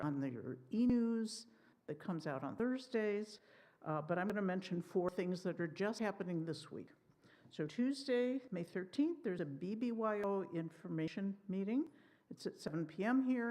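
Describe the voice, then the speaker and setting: A woman's voice: fairly low pitch, a little mellow. A woman board member giving synagogue announcements in a chatty way, with fillers and self-corrections. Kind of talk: service announcements. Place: synagogue sanctuary.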